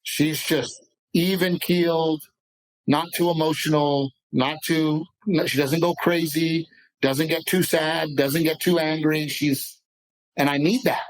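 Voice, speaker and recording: A man with a voice pitched a touch above the usual, telling stories as a guest on a podcast. He talks with passion and keeps on going in restless, animated runs. It is casual, chatty interview talk. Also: a little slow, poor audio. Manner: passionate, rambling, animated storyteller. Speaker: comedian guest.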